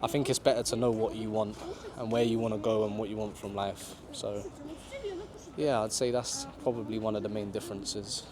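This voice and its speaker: A man answering interview questions outdoors in a relaxed, conversational way. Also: on the low side, normal speed, crowd noise. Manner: laid-back, conversational, lots of "you know". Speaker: travel vlogger being interviewed. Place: outdoors in a city park.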